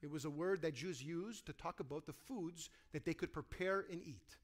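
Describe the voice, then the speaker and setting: A man preaching a sermon to a congregation, animated, acting out quoted voices and asking his listeners questions. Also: a little high, normal speed. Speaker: pastor.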